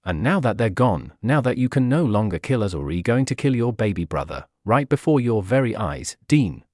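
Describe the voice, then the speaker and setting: A man's voice: fairly low pitch, sing-song, a little fast, a little mellow, dry recording, studio quality. A man voicing a cruel, scheming female monster who leads a clan, speaking in a taunting, sneering way.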